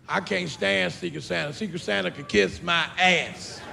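Stand-up comic, man, gravelly and loud, cusses, acts out the other characters, live stage sound with crowd noise. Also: sits high, normal speed. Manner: loud, profane storytelling, acts out other people's voices. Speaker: stand-up comedian. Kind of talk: stand-up comedy. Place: live comedy stage with audience.

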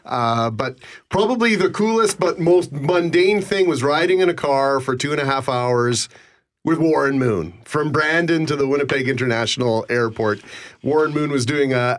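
A man hosting a morning radio show, chatting casually, telling stories and laughing easily. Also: medium pitch. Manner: laughs often, relaxed storyteller.

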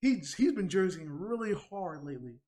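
A man in a casual, animated chat about battle rap, often laughing and mimicking people. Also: sits high, moderate pace. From New York.

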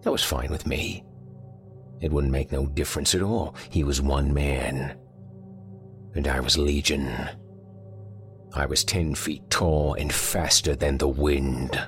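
A man's voice: rumbling low, steady tone, slow pace, long pauses, faint music behind, exaggerated voice. A man voicing a dying older man with folksy rural grammar, telling his haunted story in a pained, gasping way. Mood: grim, haunted.

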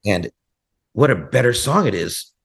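A man's voice: lowish voice, a little slow, gravelly. A man, a punk band frontman, telling stories in a casual interview and acting out the people in them. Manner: animated, acts out voices in his stories.

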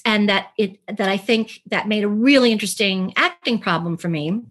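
A woman's voice: on the high side, normal speed, few pauses, a bit bright. A woman who is an actress and podcast guest, telling stories animatedly in a casual interview, laughing and acting out quotes.

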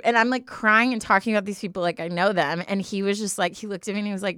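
A woman's voice: mid-range voice, steady tone, fairly bright tone, smooth, dry recording, studio quality. A young woman co-hosting a podcast, telling stories in casual chat with dramatic, emotional flair. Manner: emotional, dramatic storytelling, quick to laughs and tears. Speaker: podcast co-host.

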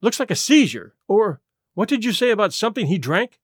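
A man voicing a middle-aged camp doctor who speaks briskly. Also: high voice, sing-song, husky, no echo, clean studio sound, full character voice. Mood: startled.

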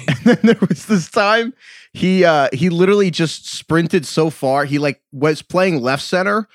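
A man co-hosting a sports podcast in casual chat, animated and laughing often as he tells stories. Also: on the high side, measured pace, no room sound, studio quality. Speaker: podcast co-host.

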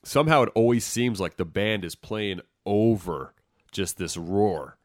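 A man hosting a podcast, chatting excitedly like a fan about concert recordings. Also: fairly low pitch, a little slow, dry recording, studio quality. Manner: excited fan talk, listing bands. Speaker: podcast host. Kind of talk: casual podcast interview.

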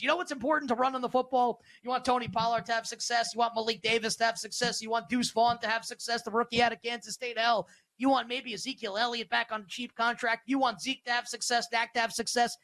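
A male host talking through sports betting in an energetic, emphatic, casual way, often firing off rhetorical questions. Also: extremely high pitch, fast talker, no echo.

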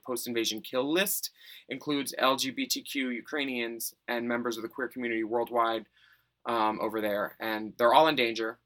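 A man co-hosting a podcast in campy, animated casual chat, quick to laugh and tease. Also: mid-range voice. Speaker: podcast co-host.

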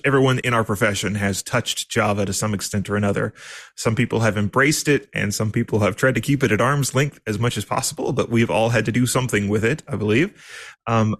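A man co-hosting a podcast, speaking in a measured, wry way. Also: fairly low pitch, fairly bright tone, no room sound. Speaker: podcast co-host. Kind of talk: casual interview chat.

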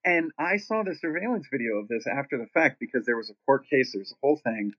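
A man's voice: mid-range voice, fast talker. A man telling a casual, profane anecdote, acting out the people in it, in a dull lo-fi recording. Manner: profane, animated storytelling with quoted voices.

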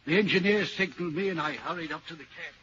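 A man's voice: a little high, fast talker, noisy background, lightly acted. A man playing a haunted railway signalman. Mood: troubled. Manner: earnest and troubled, recounting a ghostly sighting. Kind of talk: 1940s radio acting. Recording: dull old radio recording.

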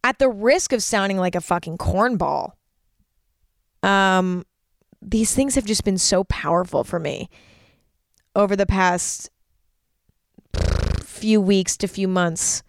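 A woman's voice: mid-range voice, slow, pauses often, no echo, studio quality. A young adult woman hosting her own podcast, talking casually and earnestly with lots of fillers and self-mocking asides. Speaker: podcast host. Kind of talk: casual advice podcast monologue.

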